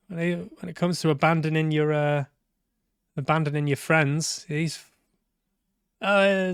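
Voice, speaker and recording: Male streamer, unhurried and sardonic, dry close sound, swears freely. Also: fairly high pitch, fairly even intonation, fairly bright tone, clean tone, no room sound. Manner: sweary, sarcastic, talks back at the characters. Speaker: game streamer. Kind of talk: live let's-play commentary.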